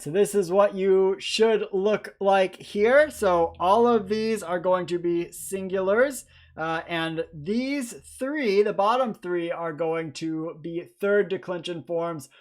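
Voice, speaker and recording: A man teaching Greek grammar in a recorded lecture, chatty and informal, with frequent fillers and self-corrections. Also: high-pitched. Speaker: Greek professor.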